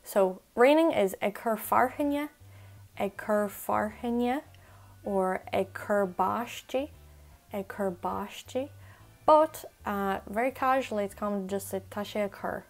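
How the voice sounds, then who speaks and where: A woman tutor teaching phrases in a casual spoken lesson, explaining quickly in a chatty way and repeating examples slowly. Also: medium pitch. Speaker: Irish language tutor.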